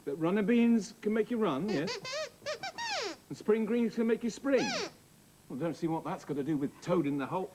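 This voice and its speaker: A man's voice: sits high, animated, moderate pace, heavy background noise. A man presenting a children's TV show in a playful, exaggerated and giggly way.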